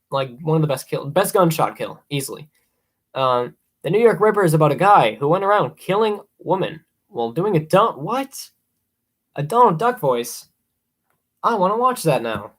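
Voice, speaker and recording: A young man hosting a casual live stream, rambling with many ums and excited asides. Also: fairly high pitch. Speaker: livestream host ranking horror films.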